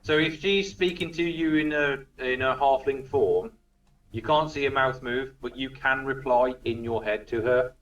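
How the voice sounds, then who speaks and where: A man's voice: medium pitch, moderate pace. A man narrating as dungeon master, chatty and casual, swearing freely. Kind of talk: narrating a tabletop game, casual. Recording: distant roomy lo-fi recording.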